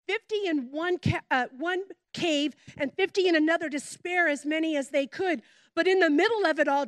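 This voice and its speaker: A middle-aged woman, a pastor's wife, preaching a sermon with animated storytelling and chatty asides. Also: high-pitched, dry recording, clean studio sound.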